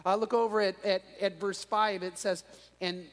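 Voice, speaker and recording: A man with a notably high voice preaches an evening sermon, telling his stories with animation and tripping over restarts as he goes. His words ring out with a long reverb, as in a large church sanctuary. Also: moderate pace. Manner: animated storyteller with frequent restarts. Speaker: pastor.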